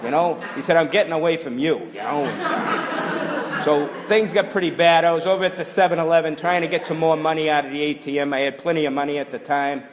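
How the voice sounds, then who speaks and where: A man's voice: fairly high pitch, fairly even intonation, brisk, noisy background. Blunt man in an echoey hall. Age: middle-aged. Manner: blunt, rambling, peppered with "you know". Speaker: speaker sharing recovery story. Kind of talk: personal testimony at a recovery meeting.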